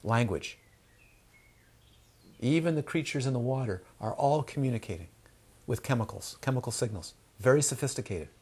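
Husky, animated male Dharma teacher. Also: medium pitch, moderate pace, pauses often. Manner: animated, asks rhetorical questions, acts out crying babies. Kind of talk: Dharma talk with audience questions.

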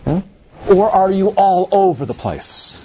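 Mellow, lively-voiced male meditation teacher. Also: sits high, husky, lo-fi sound. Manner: unhurried, playful, asks the listeners questions. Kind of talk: dharma talk.

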